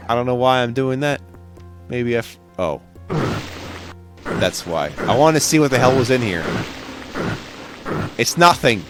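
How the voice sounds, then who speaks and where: Lively, rambling gaming commentator man. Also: medium pitch, unhurried, long pauses. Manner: jokey, rambling, swears freely. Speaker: let's play host. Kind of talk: casual gameplay commentary. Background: game music.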